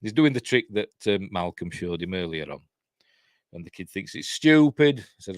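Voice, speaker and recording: A man's voice: deep voice, sing-song, moderate pace, no echo. A Yorkshire man in his fifties recapping a horror film in a casual, digressive way, with chuckling asides. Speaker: film reviewer.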